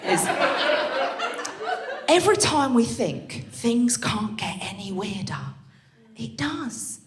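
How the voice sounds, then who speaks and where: Speaking slowly in a slightly high voice, a young woman delivers an animated, crude and brash comedy set from a club stage into a handheld mic. Laughter bursts through, and the club room echoes.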